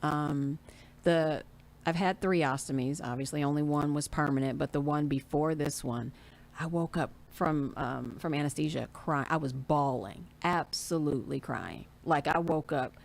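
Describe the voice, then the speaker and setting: Woman in her 40s, deep voice, bit of fry, open casual storytelling. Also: moderate pace. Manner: candid storyteller, acts out what people said. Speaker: guest. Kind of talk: casual interview chat.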